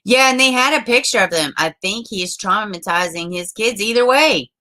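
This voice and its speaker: Woman streamer, bright voice, chatty and salty, calls viewers "baby". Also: medium pitch, normal speed. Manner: chatty, swears, greets viewers with endearments. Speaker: livestream host. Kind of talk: casual livestream chat reading viewer comments.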